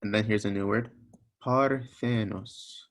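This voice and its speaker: A fairly low-pitched young man leads a recorded language lesson. He goes patiently through each sound, step by step, and repeats his examples so the listener can follow. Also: measured pace. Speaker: teacher.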